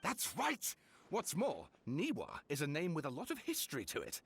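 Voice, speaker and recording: A man's voice: on the high side, moderate pace, vocal fry, breathy edge, heavily acted. An actor playing an eager male writer who talks theatrically and builds up his reveals. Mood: explaining. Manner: theatrical, excitable, dramatic build-ups.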